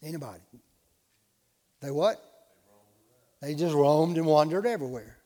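A male pastor with a notably high voice delivers a sermon, moving from relaxed storytelling to loud, driving emphasis. His words ring out with a long reverb tail, as if from a church sanctuary. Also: moderate pace.

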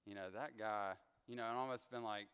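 A man leads a casual Bible study in a church hall, chatting through his stories with lots of little fillers. His voice is smooth and clear. A long reverb trails behind his words. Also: lowish voice, brisk. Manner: chatty, animated storyteller with frequent fillers.

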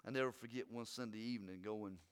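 A man preaching a sermon, swinging between loud urging and hushed, earnest talk. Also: fairly low pitch, steady tone, fast, smooth.

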